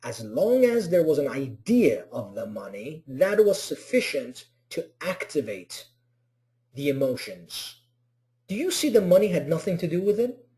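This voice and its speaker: A man's voice: on the high side, warm tone. A man teaching an online motivational class, asking rhetorical questions and acting out little scenes. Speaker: motivational instructor.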